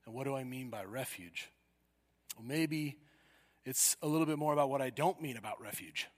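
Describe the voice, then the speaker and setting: A man's voice: mid-range voice, normal speed. Man preaching in an echoing hall. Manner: storytelling with sudden loud cries. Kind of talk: sermon.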